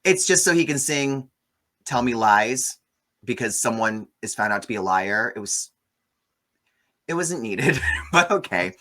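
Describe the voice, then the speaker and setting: A man hosting a casual movie review chat, animated and gossipy, often swearing. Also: mid-range voice, unhurried, long pauses. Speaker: host.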